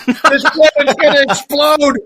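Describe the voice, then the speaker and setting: Man doing a brash, bossy four-armed alien pilot for a game, loud and hurried, pitched high and bright. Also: steady tone, slight background noise, full character voice. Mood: alarmed.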